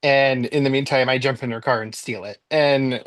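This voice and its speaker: A man telling a funny story as a podcast guest, chatty and animated, his voice leaping up as he relives his own panic. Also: moderate pace, no room sound. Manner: animated, jumps high in pitch when replaying his own panic; chatty with frequent likes and ums. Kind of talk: casual storytelling.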